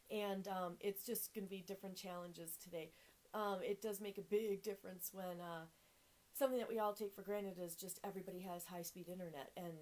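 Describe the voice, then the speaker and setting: A woman's voice: mid-range voice, a little mellow. A woman co-hosting a casual livestream from a relative's house, chatting and hesitating with many fillers, filmed on a phone. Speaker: co-host. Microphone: phone camera.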